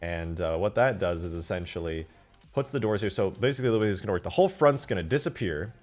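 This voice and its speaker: A man commentating his game modding on a live stream, excitable and foul-mouthed, swinging into loud outbursts. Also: sits low, quick pace, soft background music. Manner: excitable, swears a lot, flares into loud outbursts.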